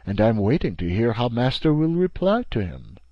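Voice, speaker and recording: A man's voice: medium pitch, big pitch swings, normal speed, no room sound, muffled recording. A man voicing a loyal, formal manservant in an audiobook, mild and deferential. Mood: polite.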